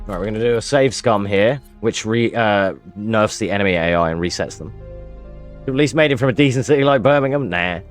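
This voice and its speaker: A man with a low voice talks through his live game run, mixing tips with banter and laughs for his chat. Quiet music plays under him. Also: brisk. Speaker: streamer. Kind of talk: live gameplay commentary.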